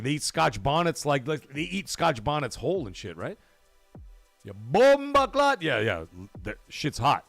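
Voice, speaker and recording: A middle-aged man hosting a livestream in casual chat, animated and swearing, loudly thanking donors. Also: mid-range voice, no echo. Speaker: livestream host.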